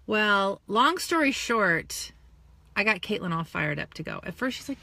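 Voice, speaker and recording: A woman's voice: medium pitch, normal speed, no room sound. A woman in her forties, a sales team leader, talking emotionally and on the verge of tears in a live video chat recorded on a phone in her parked car. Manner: tearful, gushing and animated. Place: in a car in a parking lot.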